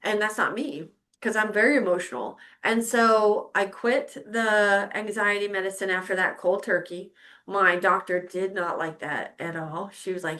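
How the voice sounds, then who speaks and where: A woman's voice: medium pitch, fairly even intonation, normal speed, pushed and bright. A middle-aged woman hosting a podcast, telling a personal story in casual chat, candid and swearing freely as she acts out her own past reactions. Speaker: podcast host.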